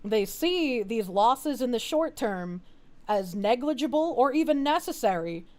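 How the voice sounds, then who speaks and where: A woman's voice: a little high, lively intonation, unhurried, a little mellow. A young woman streaming, talking politics in a casual, argumentative and emphatic way. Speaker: streamer host.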